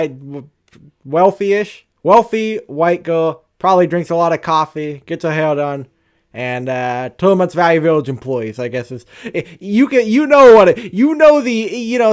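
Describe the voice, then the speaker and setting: Young adult man, animated storytime vlogger, cursing and rambling, slightly high voice. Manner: profane, animated, rambling with restarts. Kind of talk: storytime rant.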